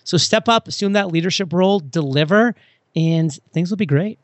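A man with a fairly high voice chats casually and tells stories with lots of animation, leaping up in pitch as he acts out moments. He sounds close and dry, with no room around him. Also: moderate pace, no room sound. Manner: animated storyteller, acts out scenes with sudden pitch jumps. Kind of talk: casual conversation.

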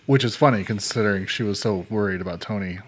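A relaxed man with a fairly low voice co-hosts a casual recap podcast. He walks through what happened one step at a time in an easygoing way. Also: quick pace. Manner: laid-back, narrates events step by step. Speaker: podcast co-host. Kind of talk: casual chat recapping a reality show.

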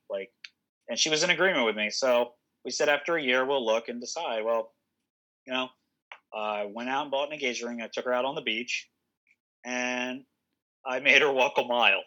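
A man's voice: mid-range voice, bright, forceful tone, low-quality recording. A young man, a political candidate, telling stories in a casual podcast interview with many fillers and restarts. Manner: rambling storyteller, frequent restarts and fillers, laughs often.

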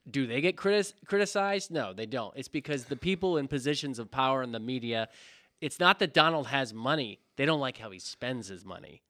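A man's voice: medium pitch, animated, a little fast, sharp tone, dry recording, studio quality. A man co-hosting a podcast, agreeing readily and backing up points with examples. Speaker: podcast co-host. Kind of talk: casual podcast chat.

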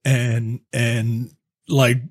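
A man's voice: mid-range voice, flat delivery, drawn-out words, no echo, studio quality. A man co-hosting a casual gaming podcast, rambling and laughing often as he talks. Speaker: podcast co-host. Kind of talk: casual chat.

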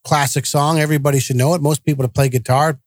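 A man's voice: fairly high pitch, steady tone, quick pace, dry recording. A man co-hosting a podcast, telling family stories in a blunt, direct way and acting out the dialogue. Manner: blunt, direct storytelling, acts out quoted dialogue. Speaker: podcast co-host. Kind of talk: casual podcast chat.

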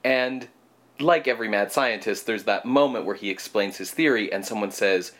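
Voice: medium pitch, moderate pace, a bit bright. A co-host in casual chat, explaining ideas and often filling with "like". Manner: chatty, says 'like' often, playfully mimics lines. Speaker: podcast co-host.

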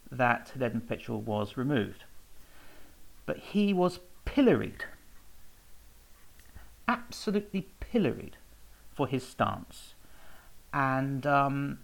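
A man's voice: fairly high pitch, gravelly, fairly bright tone, poor audio. A man telling research anecdotes in a casual, rambling way, with many fillers and self-corrections. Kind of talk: casual spoken talk about research.

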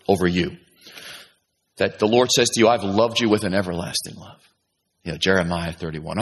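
A middle-aged pastor delivers a sermon with animation, swinging from loud, high-pitched emphasis to low, quiet asides while acting out what his listeners might be thinking.

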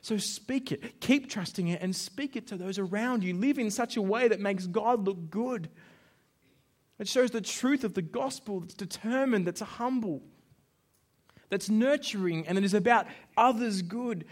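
A man's voice: high-pitched, moderate pace. A man preaching a sermon, telling stories with acted-out dialogue. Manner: storytelling, animated, plays out dialogue with shouts. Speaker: pastor.

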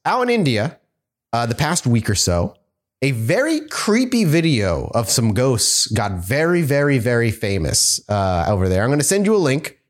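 A man co-hosting a casual podcast, chatting loosely and reading out a news story with fillers. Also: mid-range voice. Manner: laid-back, reads news story aloud with fillers. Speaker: podcast co-host.

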